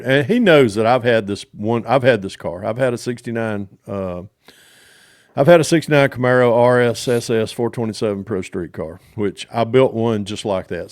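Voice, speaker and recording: A man hosting a casual podcast chat, animated and quick to laugh. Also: on the low side, no room sound, clean studio sound. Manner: animated, laughs easily, folksy. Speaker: podcast host.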